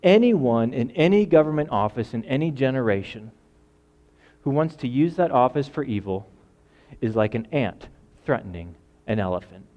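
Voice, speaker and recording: A man's voice: mid-range voice, very animated, moderate pace, dull audio. Man preaching with dramatic swings. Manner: dramatic, acts out quoted voices, swings from loud to quiet. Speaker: pastor. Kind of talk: sermon.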